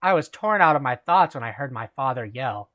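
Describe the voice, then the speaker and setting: A man's voice: mid-range voice, expressive, a little fast, a bit bright. A man hosting a reading of a fan story aloud, chatting and laughing with friends between passages. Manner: amused, laughing reader. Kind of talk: reading aloud and casual chat.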